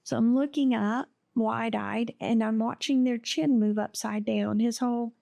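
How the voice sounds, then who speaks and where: A woman recounting her own story as an interview guest. She speaks slowly and haltingly, pausing often. Her voice is gravelly and dark, and the sound is dry and close. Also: on the high side, steady tone, dry recording. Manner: halting and emotional, with many pauses and fillers. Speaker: podcast guest. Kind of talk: telling a personal story in an interview.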